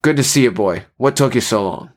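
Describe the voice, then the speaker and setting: A man voicing a brash young male wartime fighter pilot who shouts over the engine. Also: medium pitch, lively intonation, fairly quick, lightly acted. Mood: friendly.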